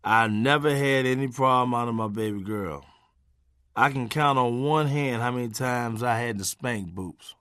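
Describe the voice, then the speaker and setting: A man's voice: medium pitch, moderate pace, fairly bright tone, clean tone, no room sound, studio quality. A middle-aged man narrating his memoir in a punchy, folksy, conversational way with salty language.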